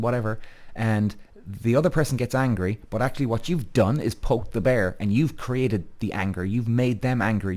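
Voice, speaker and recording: A man hosts his podcast alone, speaking in a blunt, emphatic monologue. He swears freely and keeps asking "right?" as he goes. He slips into quick mock voices to act out what other people say. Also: medium pitch, a little mellow. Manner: repeatedly asks "right?" as a tag. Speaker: podcast host. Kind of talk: candid monologue with frequent swearing.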